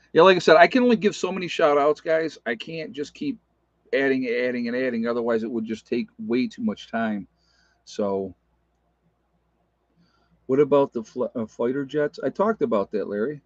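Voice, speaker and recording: A man's voice: mid-range voice, no room sound. A man hosting a livestream, rambling casually and answering viewer comments as he goes. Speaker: livestream host. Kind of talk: casual livestream talk with chat. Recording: dull lo-fi stream audio.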